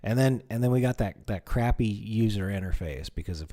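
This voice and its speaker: Deep-voiced male stream host, casual rambling reaction chat. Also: dark tone. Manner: laid-back, rambling, quick to laugh. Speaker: livestream host.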